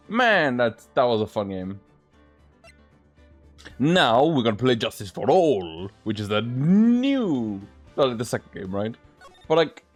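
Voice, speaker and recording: A man's voice: medium pitch, darkish tone. A man hosting a casual let's-play, rambling with lots of filler words. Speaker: gaming channel host.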